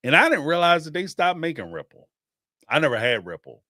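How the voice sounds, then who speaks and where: Animated man telling rambling stories. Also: on the high side, fairly quick, dry recording, studio quality. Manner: laughing, rambling, animated storytelling. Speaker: podcast host. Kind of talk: casual storytelling chat.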